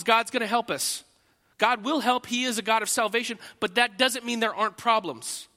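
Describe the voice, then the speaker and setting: A man, a pastor, preaching a sermon, swinging from loud emphatic lines to quiet, intimate asides. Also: extremely high pitch. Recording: long reverb of a large hall.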